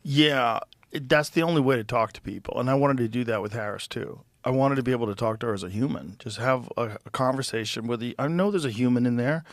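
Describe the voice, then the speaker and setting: A man's voice: medium pitch, quick pace, few pauses, no echo, studio quality. A man hosting a podcast in casual conversation, emphatic, repeating words and swearing freely. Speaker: podcast host.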